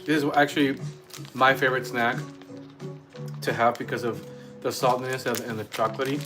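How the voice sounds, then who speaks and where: A man's voice: medium pitch, steady tone, brisk, low-quality recording. A man whose first language is Spanish, co-hosting a casual live stream from a home kitchen and reading viewer comments aloud between bites. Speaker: livestream co-host. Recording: guitar music playing behind. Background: guitar music.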